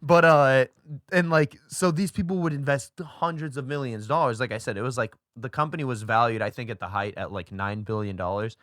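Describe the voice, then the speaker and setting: A young man co-hosts a podcast in loose casual chat. He rambles and circles back with lots of fillers and swearing. His voice sits mid-pitched and dry, close to the mic. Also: steady tone, a little fast, a bit bright, dry recording. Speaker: podcast co-host.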